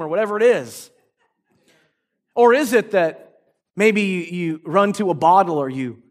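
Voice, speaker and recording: Male pastor, very high voice, animated sermon delivery with playful asides. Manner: animated, acts out prayers and asides with humor.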